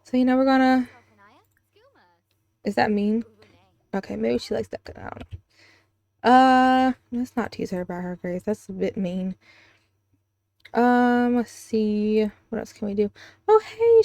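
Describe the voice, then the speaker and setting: A woman's voice: fairly high pitch, steady tone, a little slow, gravelly, pauses often, a little mellow, no room sound. A young woman giving casual, chatty commentary over a life-simulation game, with sudden gasps and giggles. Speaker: gaming video creator.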